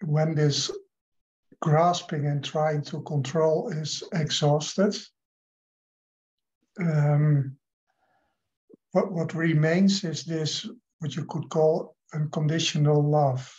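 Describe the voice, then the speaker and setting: A man's voice: fairly high pitch, fairly even intonation, takes it slowly, long pauses, darkish tone, muffled recording. A man on a video call, speaking hesitantly and repeating words as he describes an inner experience. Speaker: participant. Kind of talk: casual spiritual conversation over video call.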